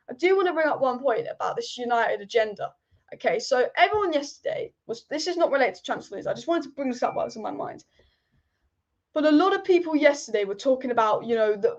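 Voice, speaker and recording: A woman with a high voice hosts a live football stream. She rambles with strong opinions and repeats her points for emphasis, and the audio is dull and lo-fi. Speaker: football channel host. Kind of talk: live-stream football chat reading viewer comments.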